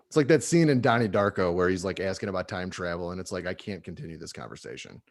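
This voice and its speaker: A man in his thirties with a fairly low voice, talking as a podcast guest. He tells his stories in a loose, profane, animated way. The talk is a casual comedy chat. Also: quick pace, gravelly.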